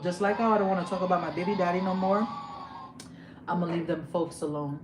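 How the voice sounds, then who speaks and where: A young woman hosting a livestream, ranting heatedly and with lots of profanity, repeating lines for emphasis and dropping from loud outbursts to low muttering. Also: fast. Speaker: livestream host. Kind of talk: emotional livestream rant. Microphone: phone or webcam on a livestream. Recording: steady background noise.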